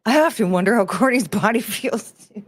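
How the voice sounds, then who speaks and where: A woman's voice: on the high side, moderate pace, husky. A woman hosting her own livestream, chatting casually and greeting viewers by name with sing-song asides. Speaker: livestream host.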